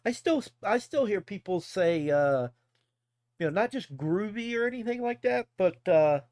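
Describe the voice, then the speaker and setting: A rambling, profane man in his forties holds forth to a live stream, laughing between tangents. His voice sits a little high and swings widely in pitch. The sound is dry and close. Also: expressive, normal speed, darkish tone, no room sound. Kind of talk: casual rant.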